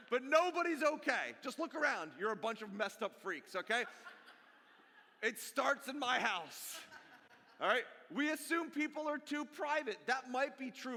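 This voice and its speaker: A man in his forties giving a sermon as a pastor, animated and jokey, talking straight to the congregation. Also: very high voice. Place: church sanctuary. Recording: long hall reverb.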